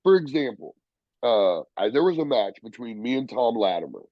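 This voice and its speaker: A man, a professional wrestler, telling stories in a casual interview, profane and animated, acting out the people he quotes. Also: medium pitch, normal speed, no echo, dull audio.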